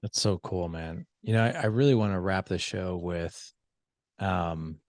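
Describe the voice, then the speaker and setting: A man's voice: sits low, unhurried, darkish tone, no room sound. A man hosting a podcast who affirms his guest and reflects at length before asking a question. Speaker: podcast host. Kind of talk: interview talk.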